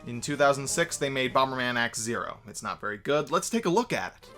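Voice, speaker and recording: A man reviews a video game with heavy sarcasm and theatrical outrage. His pitch swings widely as he talks, and his tone is bright and forceful. Faint music plays behind him. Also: lively intonation, brisk, few pauses. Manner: sarcastic, with exaggerated mock-dismayed outbursts. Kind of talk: comedic scripted review narration.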